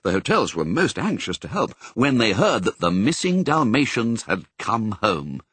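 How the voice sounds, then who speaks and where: Man narrating a storybook, husky and very animated, dry booth sound. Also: fairly low pitch, normal speed, dry recording. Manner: expressive, storytelling. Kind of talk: audiobook reading.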